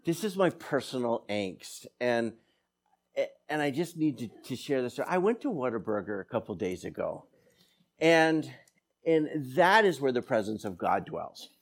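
A man's voice: medium pitch, sing-song, measured pace. A middle-aged man preaching a sermon, breaking off into personal stories with self-deprecating humor. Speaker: pastor.

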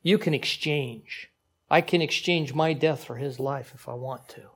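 A male pastor delivers a sermon. He talks in a relaxed, conversational way and turns to the congregation often. His voice sits at a middle pitch. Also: a little slow, breathy edge. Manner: conversational, animated preaching with asides to the congregation.

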